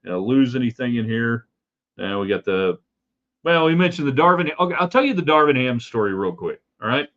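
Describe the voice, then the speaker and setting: A man's voice: medium pitch, expressive, fairly quick, fairly bright tone, lo-fi sound. A man hosting a live sports talk stream, opinionated and rambling with side remarks. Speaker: sports talk show host.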